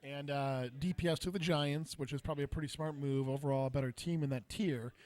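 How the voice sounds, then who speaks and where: A man's voice: a little high, fairly even intonation, a little fast, darkish tone. A man co-commentating a retro football game tournament, earnest and chatty in his analysis. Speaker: co-commentator and player.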